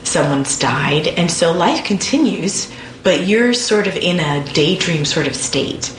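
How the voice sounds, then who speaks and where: A woman's voice: on the low side, expressive, unhurried, a little hiss or hum. A woman speaking in a thoughtful, conversational way during an interview. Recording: echoey room from a distance.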